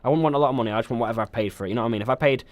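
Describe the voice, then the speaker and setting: Fast-talking young man, rambling. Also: mid-range voice, dry recording. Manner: rambling, hesitant, many ums and restarts. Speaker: podcast co-host. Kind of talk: casual chat.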